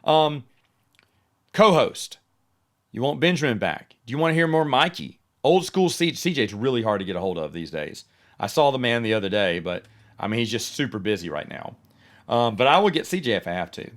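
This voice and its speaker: A man talks alone on his podcast in a relaxed, chatty way. He tells anecdotes with lively energy and often starts a sentence over before finishing it. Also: mid-range voice, a little fast. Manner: chatty, animated storyteller who often restarts sentences. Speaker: podcast host. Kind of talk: casual solo podcast monologue.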